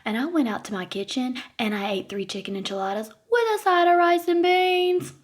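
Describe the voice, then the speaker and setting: A woman vlogger in her thirties playfully tells her viewers a funny personal story, laughing often. Her voice is high, animated, and brisk.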